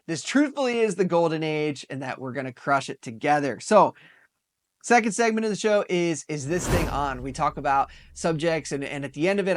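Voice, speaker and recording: A man in his thirties hosting a casual opinion talk show, excitable and upbeat, often laughing. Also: a little high. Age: 30s. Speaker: podcast host.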